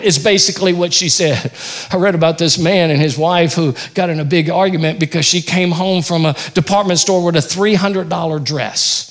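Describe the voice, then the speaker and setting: A man preaching a sermon in a church, rising loud on key points and dropping low and quiet. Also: moderate pace. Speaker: pastor.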